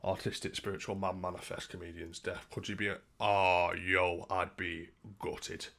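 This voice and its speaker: Crude rambling man, low voice. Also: level tone, normal speed, creaky, fairly bright tone, slight background noise. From Britain. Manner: crude, rambling, swears a lot. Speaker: livestreamer. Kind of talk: casual livestream chat.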